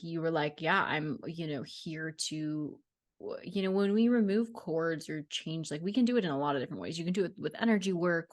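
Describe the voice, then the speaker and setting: A woman's voice: low-pitched, dry recording, studio quality. A woman astrologer on a video call who talks in a frank, reflective way and swears casually. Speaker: astrologer guest. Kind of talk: casual conversation.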